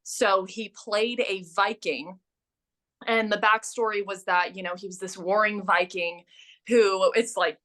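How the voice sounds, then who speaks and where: Twenties woman guest, animated storyteller, bright crisp tone, casual chat. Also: medium pitch, a little slow. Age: 20s. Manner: animated storyteller, filler-heavy with lots of "like". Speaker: guest, renaissance fair performer.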